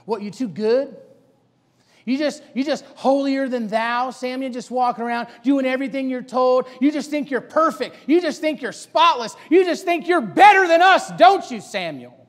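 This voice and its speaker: A man's voice: very high-pitched, fairly even intonation, fast, fairly bright tone, long reverb tail. A preacher voicing sneering young men who mock a boy in sing-song ridicule. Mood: taunting.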